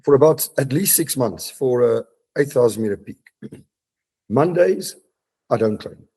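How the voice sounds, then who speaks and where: Mellow-voiced man. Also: mid-range voice, animated, a little slow, breathy edge. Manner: reflective, with frequent restarts. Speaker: guest, mountaineer and business leader. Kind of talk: casual podcast interview. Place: home study.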